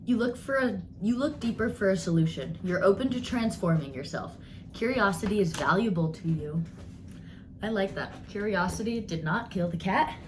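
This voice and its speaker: A woman giving a casual tarot card reading, bubbly and rambling as she talks excitedly. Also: medium pitch, normal speed, echoey room, a little hiss or hum. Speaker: tarot reader.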